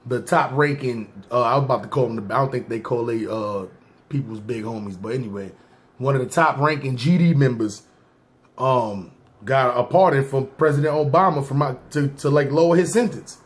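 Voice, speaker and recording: A man's voice: medium pitch, normal speed. A man hosting a podcast, telling stories in loose casual slang and talking straight to his listeners. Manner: loose slang-heavy talk, often addressing listeners as "y'all"; acts out scenes in asides and mock voices. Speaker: podcast host. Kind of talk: casual street storytelling to viewers.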